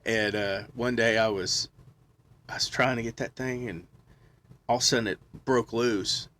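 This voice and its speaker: A man's voice: mid-range voice, steady tone, moderate pace, bright, forceful tone. Laid-back, laughing man in chat. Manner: loose, laughing, swears freely. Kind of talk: casual chat.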